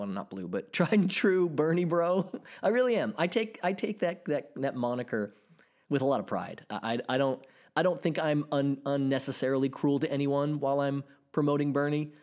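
A man's voice: fairly high pitch, normal speed. A man in his thirties hosting a solo podcast, ranting and swearing as he reacts to online posts. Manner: animated, profane ranting. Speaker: podcast host.

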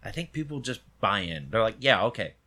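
A man with a somewhat low voice in easygoing podcast conversation. He talks things through in a reflective, agreeable way. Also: big pitch swings, brisk, bright, forceful tone. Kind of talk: casual podcast chat.

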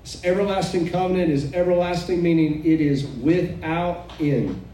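A woman's voice: on the low side, steady tone, normal speed, dark tone. A woman preaching a sermon to a live audience, fervent and exclaiming, with chuckling asides. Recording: echoey room, mic far off, faint noise.

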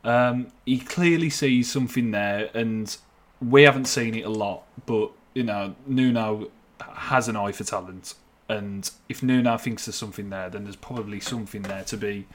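A man's voice: fairly low pitch, moderate pace. A man talking as a football reporter in a casual podcast chat, hesitant with many restarts.

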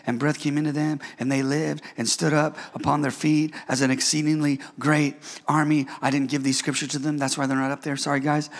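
A man preaching a sermon with call-and-response, swinging from shouted climaxes to quiet, joking asides with the congregation. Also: fairly high pitch, gravelly.

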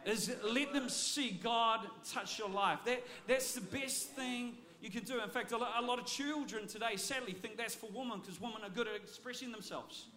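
High-voiced man preaching a sermon. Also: normal speed, few pauses. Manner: energetic, repeats words as he restarts phrases. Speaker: pastor.

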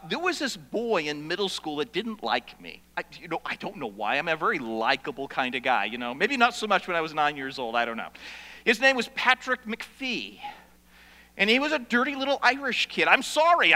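A man preaching a sermon, telling stories that swing from loud to hushed. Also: high voice. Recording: long reverb of a large hall.

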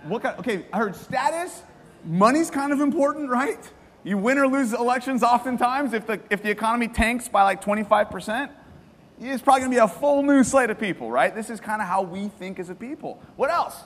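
A man preaching a sermon to a congregation, lively and joking, asking them questions and repeating their answers. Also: extremely high pitch, fairly quick, big-room sound. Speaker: pastor. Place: church hall.

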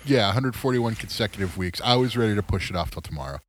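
Tired low-voiced man talking sports. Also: lively intonation, quick pace, crowd noise. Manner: laid-back, swears casually. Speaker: podcast co-host. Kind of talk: casual sports chat.

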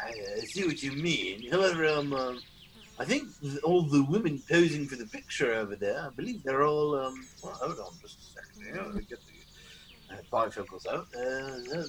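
A man's voice: mid-range voice, animated, normal speed, fairly bright tone, a little hiss or hum, rough recording. A man playing a pompous, flustered old-fashioned journalist in an improvised comedy sketch.

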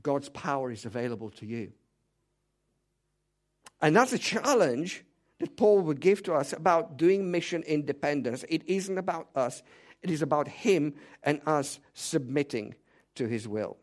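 A man's voice: a little high, lively intonation, measured pace. A man preaching a sermon, emphatic and direct, firing rhetorical questions at the congregation. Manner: direct, speaks to the congregation as "you".

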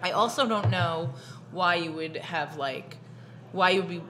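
A woman hosting a podcast, telling a story in casual chat with quick reactions and easy laughs. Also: lowish voice, a bit bright. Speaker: podcast host.

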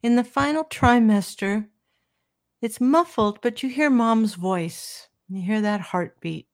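An older woman, a professor and interview guest, explaining ideas in a measured, teacherly way. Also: a little high, no echo, clean studio sound.

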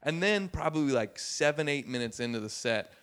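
A man tells a story in a casual chat, slightly higher-pitched than most men, and his voice swings up and down a great deal. He acts out the voices of the people in his story with lots of energy. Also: fairly quick, clean tone. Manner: animated, acts out voices in quotes. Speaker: stand-up comedian telling a story.

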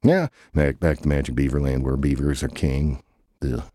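A man with an extremely low, dark voice rambles through silly, improvised comic banter, stalling with lots of hesitation. The recording is dry and close, with no room sound. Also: fairly even intonation, moderate pace, no echo.

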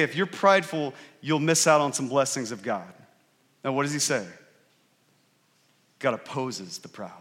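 Man, pastor, sermon, slightly higher voice, rhetorical questions, long hall reverb. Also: a bit bright. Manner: conversational, earnest preaching with frequent rhetorical questions. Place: church sanctuary.

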